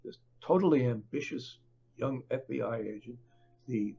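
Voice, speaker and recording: An older man, a book author, speaking as a podcast guest in a halting, conversational way with many fillers and restarts. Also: mid-range voice, vocal fry, warm tone, dull audio, slight background noise. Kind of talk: conversational interview.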